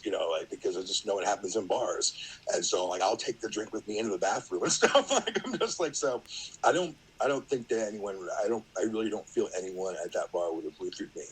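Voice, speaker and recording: A man's voice: fairly low pitch, breathy edge, poor audio. A middle-aged man, a podcast guest, telling a story in a rambling, casual way, full of fillers and acted-out quotes.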